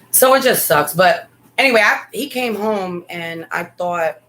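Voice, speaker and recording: A woman's voice: on the low side, expressive, unhurried, fairly bright tone, a little hiss or hum, low-quality recording. A middle-aged woman and mother co-hosting a casual talk show, telling a family story with candid asides. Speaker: podcast co-host, mother.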